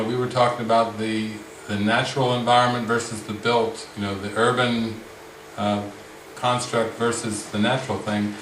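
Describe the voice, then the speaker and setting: A man leading a spiritual retreat discussion, speaking slowly and reflectively with frequent restarts. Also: medium pitch, a bit bright, slight background noise. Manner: slow, reflective, many restarts. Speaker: spiritual teacher. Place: retreat room with a group. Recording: roomy sound from the mic's distance.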